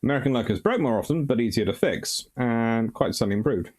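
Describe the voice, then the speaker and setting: A man's voice: medium pitch, expressive, fast talker, darkish tone. Man chatting through viewer questions. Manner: reads out comments and answers them, with many ums and uhs. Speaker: host answering viewer questions. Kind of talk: casual live-stream chat.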